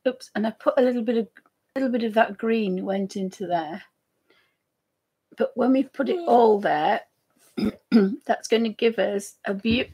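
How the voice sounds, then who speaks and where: Chatty art streamer, woman, husky and slightly high-pitched, easily amused. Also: unhurried, pauses often, warm tone. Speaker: art demonstrator. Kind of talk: live painting tutorial stream.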